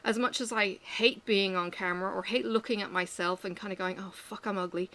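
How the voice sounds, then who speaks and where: Middle-aged aussie woman rambling to camera while she works, bright voice, swears a lot. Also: mid-range voice, steady tone, a little fast. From Australia. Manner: rambling, candid, swears freely. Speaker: vlogger. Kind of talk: casual chat while working.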